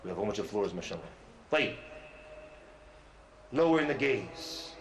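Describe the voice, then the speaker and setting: A man giving a lively lecture sermon as a visiting sheikh, talking loudly into a close microphone, firing questions at the crowd and teasing them. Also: lowish voice, normal speed, vocal fry, slight background noise. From USA. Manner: animated, asks the crowd questions and teases them; loud voice, by his own account. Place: large multi-floor community centre hall.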